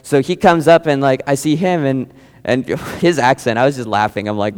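A man's voice: medium pitch, moderate pace, a little mellow, clean tone. A young man preaching a sermon, telling mission stories in a casual, digressive way. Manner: casual, digressive, many fillers. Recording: long reverb, large hall.

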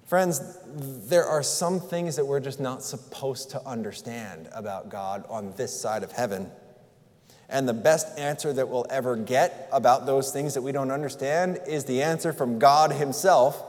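A man's voice: medium pitch, moderate pace, a little mellow. A man preaching a sermon in an earnest, conversational way, asking rhetorical questions. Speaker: pastor. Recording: long reverb in a large hall.

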